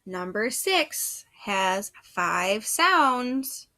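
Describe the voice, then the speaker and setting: Slow, bright-voiced woman teaching phonics. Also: mid-range voice, very animated. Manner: slow, patient, sounds out letters one by one. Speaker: first grade teacher. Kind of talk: slow phonics dictation lesson.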